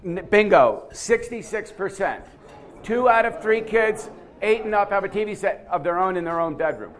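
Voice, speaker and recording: A man's voice: high-pitched, moderate pace. Man quizzing a live audience. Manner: animated, questioning the audience, repeats words. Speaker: seminar speaker running a quiz. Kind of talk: lively lecture with audience quiz. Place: conference room with a live audience.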